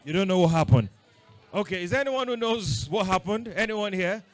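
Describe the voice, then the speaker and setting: A man with a fairly high voice runs a lively session for boys. He keeps firing short questions at the kids, teasing them playfully as he goes. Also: soft background music. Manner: playful, quizzing the audience with quick questions. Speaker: workshop leader talking to boys. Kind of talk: interactive talk with children.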